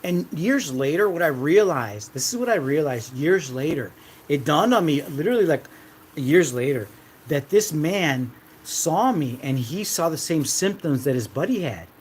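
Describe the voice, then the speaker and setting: A man's voice: fairly high pitch, lively intonation, normal speed, slight background noise. A man in his thirties casually telling a rambling, repetitive story from his own life, swearing now and then. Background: dogs.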